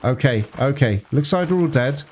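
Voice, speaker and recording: A man commenting on his gameplay, reacting with excited, panicky outbursts. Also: medium pitch, normal speed, noisy background. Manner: excitable, panicky outbursts and laughter mid-fight. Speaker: let's play gamer.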